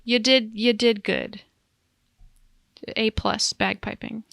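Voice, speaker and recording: Woman co-host, casual and chatty, laughs at her own tangents, vocal fry, dry recording. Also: fairly high pitch, fairly even intonation, slow, a bit bright, no echo. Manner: chatty, giggly, rambling asides. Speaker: podcast co-host. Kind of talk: casual chat.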